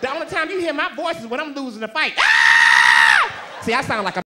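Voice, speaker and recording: A man doing live stand-up on a comedy club stage, with an unusually high, thin voice and loud, profane banter with the crowd. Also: animated, very fast, heavy background noise.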